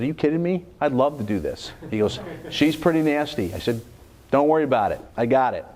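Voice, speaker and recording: A middle-aged man giving a business seminar lecture, telling stories and putting questions to the audience. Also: medium pitch. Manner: animated, asks the audience questions, acts out quoted dialogue. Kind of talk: lecture with storytelling. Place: lecture room.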